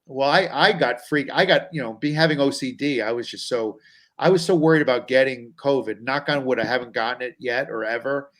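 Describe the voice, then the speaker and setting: A man's voice: medium pitch, a little fast, a bit bright. A man, a comedian guest, telling stories about himself in a rambling, self-deprecating, anxious way. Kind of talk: casual comic storytelling.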